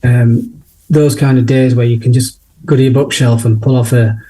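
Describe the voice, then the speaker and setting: A man's voice: medium pitch, flat delivery, moderate pace, dark tone. A man with a Yorkshire accent, a photographer chatting casually and a bit ramblingly as an interview guest. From Northern England. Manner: chatty, rambling, laughs easily.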